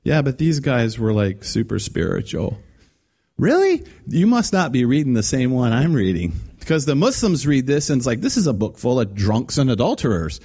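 A man's voice: mid-range voice, big pitch swings, brisk, few pauses, mellow, husky. A man preaching a conversational sermon, acting out quoted voices with many restarts. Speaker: guest preacher.

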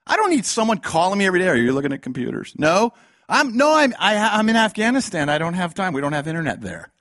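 Man, fiery sermon, high voice, very animated pitch, loud-to-hushed swings, acts out quotes. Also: quick pace, no room sound, studio quality. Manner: impassioned, swinging between loud outbursts and hushed lines. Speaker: preacher.

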